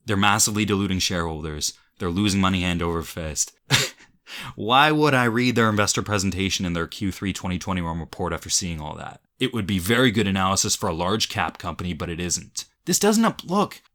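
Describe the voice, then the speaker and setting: A man's voice: fairly low pitch, a bit bright. A young man from Canada, an investing YouTuber, reacting to angry comments in a heated, swearing rant with frequent laughs.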